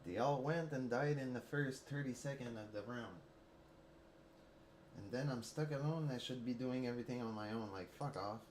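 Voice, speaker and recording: Man, Quebec French accent, game streamer, heated profane rant, repetitive, mid-pitched voice. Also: moderate pace, a little mellow, slight background noise. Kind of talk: angry rant while streaming gameplay.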